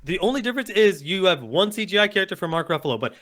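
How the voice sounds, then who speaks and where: A man's voice: high-pitched, big pitch swings, racing, fairly bright tone. A man co-hosting a podcast, arguing in an impassioned, profane rant during a casual debate. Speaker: podcast co-host.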